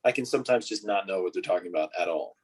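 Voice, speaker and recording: Man, podcast host, husky voice, casual movie chat, rambling, lots of "like"s. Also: sits low, rapid-fire. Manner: rambling, filler-heavy, laughs often. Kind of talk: casual film discussion.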